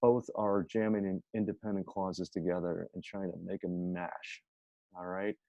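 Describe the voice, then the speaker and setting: A writing teacher gives an informal, chatty grammar lecture in a low, mellow voice with flat delivery at a normal speed. He often corrects himself and reads his example sentences aloud. The recording is dull, dry and lo-fi, with no room sound.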